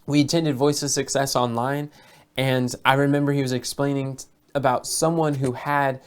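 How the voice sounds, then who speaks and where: A man's voice: mid-range voice, little pitch movement, normal speed, smooth. A man talking as a business coach in a casual monologue, telling stories and often repeating or restarting his words. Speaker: business coach for health educators.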